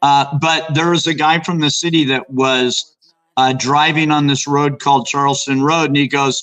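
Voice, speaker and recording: A man's voice: fairly high pitch, fairly even intonation, normal speed, a bit bright, low-quality recording. A man from Arizona, raised in Los Angeles, chatting as a guest and telling rambling local stories with many restarts. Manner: rambling storyteller, restarts and fillers, acts out quotes. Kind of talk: casual chat about local hauntings.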